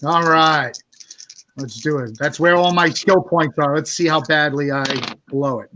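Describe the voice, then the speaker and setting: A man playing a tabletop game, talking in a brisk, matter-of-fact way. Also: a little high, pushed and bright. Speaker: player. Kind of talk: casual chat. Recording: dull lo-fi mic with faint hiss.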